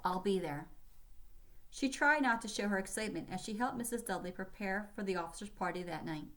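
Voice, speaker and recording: A woman reading a children's historical novel aloud in steady storytelling narration. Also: medium pitch, quick pace. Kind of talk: audiobook narration.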